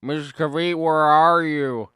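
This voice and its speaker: A strained young male mechanic, as a man impersonates him, calling out plaintively in a voice pushed far above his own. Every word is drawn out slow and pleading. The recording is dry and close, with no room sound. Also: on the high side, fairly even intonation, a bit bright, clean tone, no room sound, voice pushed up.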